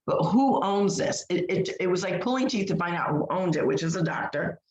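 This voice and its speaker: Recorded in an echoey room with a lo-fi sound, this woman's fairly low voice is expressive and quick. She's co-hosting a podcast, telling a story in casual chat with emphatic delivery and plenty of fillers and restarts.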